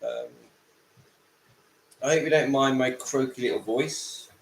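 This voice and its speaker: A man with a croaky voice from a cold, hosting a casual livestream from home and greeting viewers by name. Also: mid-range voice, steady tone, measured pace, a little hiss or hum. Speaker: livestream host. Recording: echoey room with faint ambience.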